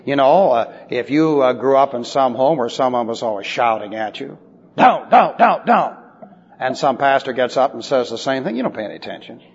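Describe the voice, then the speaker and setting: A man preaching a sermon, wry and lively, dropping into sly asides. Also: mid-range voice, fairly quick, few pauses, husky. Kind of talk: expository sermon. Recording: dull recording in a large reverberant hall.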